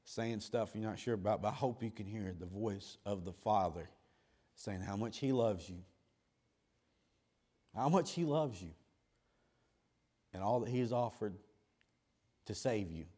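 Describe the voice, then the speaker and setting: A middle-aged male preacher delivering a sermon, dropping to slow, quiet words and then rising to loud hollering. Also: lowish voice.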